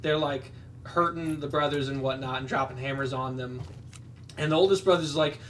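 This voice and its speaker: A man's voice: mid-range voice, moderate pace, a bit bright, distant mic, slight background noise. A man casually retelling a movie plot while playing a game, rambling with lots of fillers and quoted lines. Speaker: podcast co-host.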